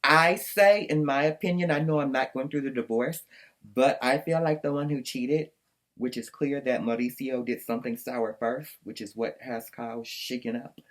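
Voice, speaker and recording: A man with a medium-pitched voice, steady tone and moderate pace hosts a casual podcast recapping a reunion. He rants in a sassy, profane, exasperated way, commenting alongside clips.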